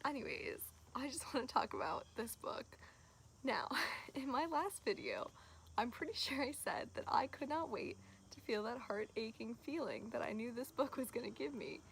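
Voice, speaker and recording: A woman reviewing a book to camera in a chatty, gushing way, full of "like"s and quick laughs. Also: a little high, expressive, vocal fry, a little hiss or hum. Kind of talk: casual chat to camera.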